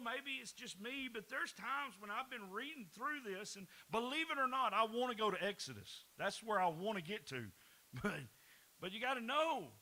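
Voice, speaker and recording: A pastor preaching a folksy sermon, often repeating words and breaking into laughs. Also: male voice, very high-pitched, pushed and bright, poor audio.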